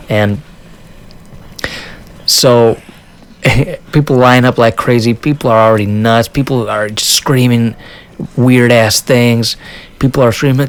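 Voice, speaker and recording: A man vlogger telling a casual story in an animated way, often laughing and acting out what people said. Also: medium pitch, a little slow. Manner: restarts and fillers, says dude.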